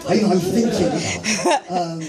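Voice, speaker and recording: Rambling high-voiced comedian. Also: male voice, a loud crowd. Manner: rambling, self-deprecating, halting restarts. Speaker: stand-up comedian. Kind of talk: open-mic stand-up storytelling. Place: open-mic comedy venue. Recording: echoey room, far from mic, loud music.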